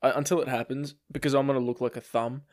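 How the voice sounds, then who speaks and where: A man's voice: medium pitch, level tone, fast. A young man in casual podcast chat, swearing and laughing through a work story. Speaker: podcast co-host.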